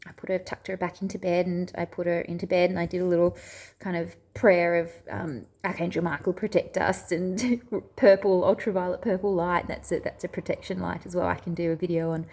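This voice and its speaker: A woman's voice: lowish voice, fairly even intonation, fairly quick, darkish tone. A woman hosting her own spiritual video channel, telling a personal story in a chatty, rambling way that drifts off track, with frequent hesitations and restarts. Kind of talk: casual storytelling to camera.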